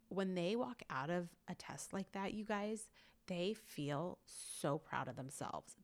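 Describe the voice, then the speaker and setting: A woman hosting a podcast, gushing and rambling as she tells a story, saying "like" a lot. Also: fairly low pitch. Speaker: podcast host. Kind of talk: casual chat.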